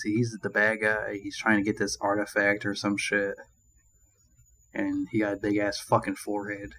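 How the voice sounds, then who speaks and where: Low husky dude swearing nonstop in a rambling movie review rant. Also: male voice, poor audio. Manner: crude, profanity-laden rambling; annoyed ranting. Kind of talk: casual spoken movie review.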